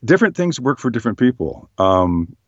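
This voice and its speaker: A man, a voice actor, talking in a relaxed, thoughtful way in an interview, his voice slightly hoarse. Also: mid-range voice, a little fast, dry recording, highs cut off. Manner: relaxed, thoughtful, many fillers. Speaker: voice actor guest. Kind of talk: casual interview chat.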